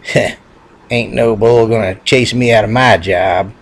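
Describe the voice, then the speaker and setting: A man voicing the biggest bull in a joke, gruff and boastful. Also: fairly low pitch, fairly even intonation, unhurried. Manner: boastful drawl.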